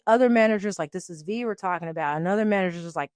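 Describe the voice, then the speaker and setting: Young woman podcast host, lively storyteller, dry close sound. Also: medium pitch, fast, hardly any pauses, no room sound. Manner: animated, quotes people in changing voices, laughs often. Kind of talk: storytelling rant.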